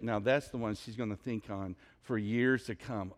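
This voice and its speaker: A pastor preaching a sermon, telling a story in an animated, conversational way. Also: male voice, fairly low pitch, moderate pace, few pauses.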